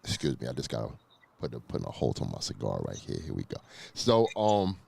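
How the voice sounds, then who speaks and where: A man hosting a casual interview, relaxed and slangy, hyping up his guest. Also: extremely low pitch, fairly quick, gravelly, husky. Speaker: interview host.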